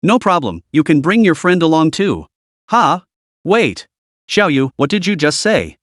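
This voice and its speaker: A man's voice: fairly high pitch, very animated, unhurried, a bit bright, no echo, studio quality. A man reading a blustering middle-aged tycoon. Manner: blustering and indignant. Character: pompous hot-tempered middle-aged businessman.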